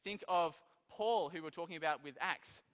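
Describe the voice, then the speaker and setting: A man preaching a sermon, telling stories in an animated way and acting out the quoted lines. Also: a little high, moderate pace, long reverb tail.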